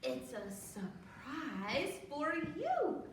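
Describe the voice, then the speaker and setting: A woman voicing an excitable, clumsy young boy frog in a storybook read aloud. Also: high-pitched, very slow, heavily acted. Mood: excited. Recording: echoey room from far off, noisy.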